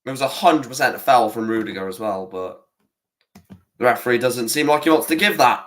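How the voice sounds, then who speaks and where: A man's voice: mid-range voice, lively intonation, fairly quick, a bit bright. A young man running a football watch-along, ranting and swearing at the referee and his stream. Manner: frustrated, swears a lot, rants at the referee.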